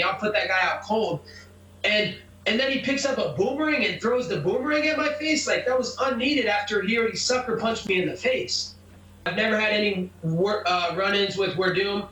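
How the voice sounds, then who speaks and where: A man's voice: high voice, bright, forceful tone. A man, a mixed martial arts fighter, telling his side of a story in a brash, profane, combative way during an interview. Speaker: MMA fighter. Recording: echoey room, mic at a distance.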